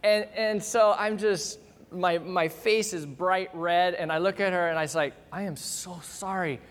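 A middle-aged man preaching in a church, his voice sitting high for a man. He tells a funny story with lively acting-out, and his words ring with a long hall reverb. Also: unhurried. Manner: animated, humorous storyteller acting out scenes. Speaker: pastor. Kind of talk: storytelling sermon.

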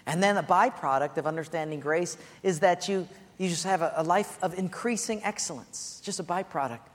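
A man preaching a sermon as pastor, earnest and repetitive, dropping soft and low on his key points. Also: fairly quick. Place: church sanctuary. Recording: echoey hall.

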